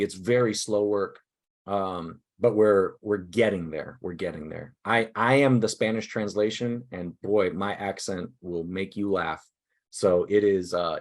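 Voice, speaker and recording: Man, workshop presenter, video call, upbeat, halting, lowish pitch. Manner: upbeat, halting, self-deprecating. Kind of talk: casual online workshop talk. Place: indoors at a desk.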